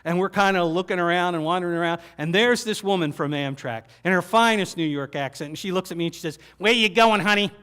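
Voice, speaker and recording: Man telling a story with dramatic pauses. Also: high voice, smooth. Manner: dramatic pauses and repeated phrases, dropping to quiet. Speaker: keynote presenter. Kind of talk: storytelling talk to an audience.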